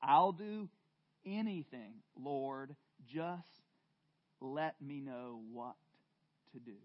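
A man preaching voices a panicked man hanging from a cliff branch, yelling and begging for rescue. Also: mid-range voice, very slow, highs cut off. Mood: pleading.

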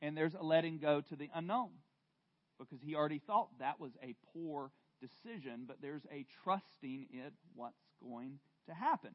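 A man preaching a sermon to a congregation in a church room, earnest and unhurried, stumbling into restarts now and then. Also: fairly high pitch, expressive, lo-fi sound. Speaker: pastor.

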